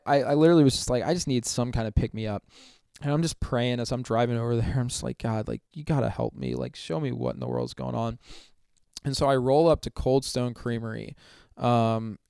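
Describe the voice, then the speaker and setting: Young man, youth minister guest, smooth clear voice, dry close sound, animated storyteller. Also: medium pitch, normal speed, dry recording. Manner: animated retelling, acting out quotes, many "like" fillers. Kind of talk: casual storytelling interview.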